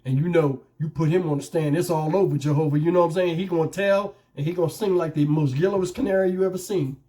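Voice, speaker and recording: Commentary host, male, somewhat high voice, emphatic and hoarse from getting worked up. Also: steady tone, quick pace, dark tone. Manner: heated, emphatic, repeats his points. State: losing his voice. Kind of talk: casual commentary to camera. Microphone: wireless lapel mic.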